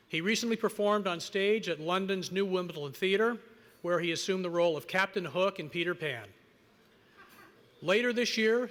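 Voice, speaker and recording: A man's voice: high voice, bright, forceful tone. Man reading a formal introduction. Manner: measured, prepared delivery. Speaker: presenter introducing the host. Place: large hall at an awards ceremony. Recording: long reverb of a large hall.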